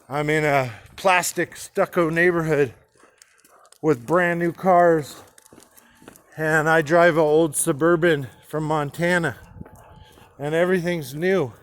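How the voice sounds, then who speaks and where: A man speaking candidly to his own camera, halting with restarts and casual swearing, in an inspirational personal monologue. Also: on the high side, fairly bright tone. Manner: halting, with frequent restarts and fillers.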